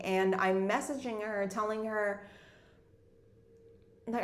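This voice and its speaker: Woman vlogger, chatty storyteller, mid-pitched, echoey room. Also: moderate pace. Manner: rambling, fills nearly every phrase with "like". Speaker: debut novelist and former corporate executive. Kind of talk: casual personal storytelling. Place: her home in Munich.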